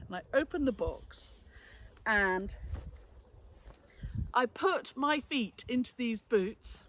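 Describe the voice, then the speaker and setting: A woman's voice: mid-range voice, animated, slow, pauses often, a little hiss or hum. A woman, a flower farmer and florist, giving a chatty, cheerful product review and laughing often.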